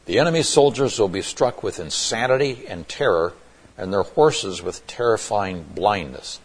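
A man's voice: fairly low pitch, expressive, normal speed, slightly rough. A man teaching through a Bible passage in an explanatory way, often restarting phrases and adding emphatic asides.

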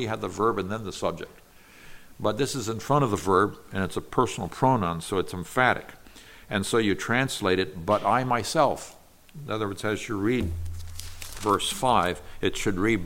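A man's voice: lowish voice, a bit bright. A man giving an earnest expository Bible lesson, explaining verses patiently with small restarts. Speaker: Bible teacher.

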